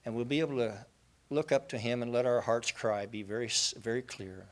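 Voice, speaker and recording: At a faith gathering, a man with a steady, mid-range voice gives a brisk inspirational talk, telling stories earnestly and building up to passionate lists.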